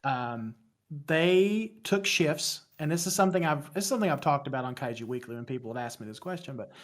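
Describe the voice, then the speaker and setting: This podcast guest, a thirtysomething man from West Virginia with the local accent, has a mid-range voice and talks in an animated, fairly quick way. The interview chat is casual, and he rambles, makes self-deprecating remarks, and restarts often.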